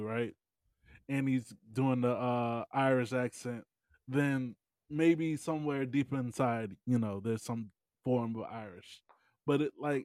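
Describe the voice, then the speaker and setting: A man's voice: mid-range voice, a little mellow, no room sound. Man chatting with hesitant fillers. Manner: hesitant, many fillers and restarts. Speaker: podcast co-host. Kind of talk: casual chat.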